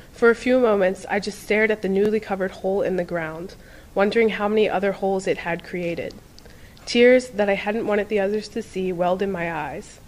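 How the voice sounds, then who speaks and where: A woman reading a first-person short story aloud in a steady, measured way. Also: medium pitch, poor audio. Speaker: reader.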